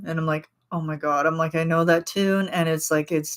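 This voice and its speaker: A woman's voice: low voice, a little fast, few pauses. A woman in her thirties chatting casually with her viewers, rambling and giggling as she tells stories. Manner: rambling, giggly, animated retelling. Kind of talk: casual chat.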